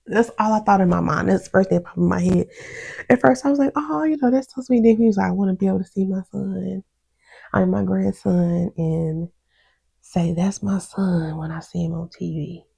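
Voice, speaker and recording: A woman's voice: fairly low pitch, normal speed, creaky, slightly rough. A woman reviewing a reality show episode in a casual, outspoken vlog, full of slang and laughter, acting out what others said. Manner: chatty and animated, quotes others with mimicry.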